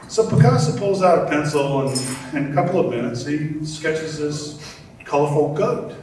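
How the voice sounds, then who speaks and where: An older man giving a heartfelt acceptance speech with gentle, storytelling humor, at a podium in a large event hall. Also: on the high side, moderate pace, a little hiss or hum. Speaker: award honoree. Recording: echoey hall from far off.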